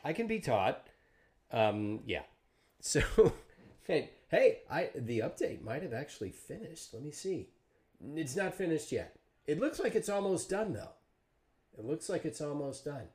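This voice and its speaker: A man's voice: fairly high pitch, big pitch swings, unhurried, darkish tone, slightly rough. A man hosting a casual interview on a livestream over a video call, joking and self-deprecating, rambling as he talks. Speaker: podcast host and Twitch streamer.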